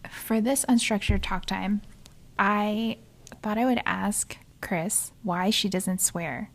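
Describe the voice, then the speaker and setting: A young woman co-hosting a casual podcast chat, teasing and laughing often. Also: medium pitch. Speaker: podcast co-host.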